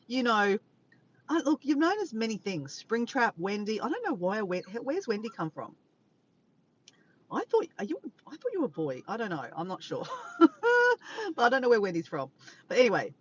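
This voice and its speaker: A tired Australian woman chatting casually from her car to live viewers, rambling, greeting them by name and correcting herself. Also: medium pitch. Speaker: vlogger livestreaming to viewers. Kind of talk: casual chat to a live audience. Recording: dull lo-fi with faint background noise.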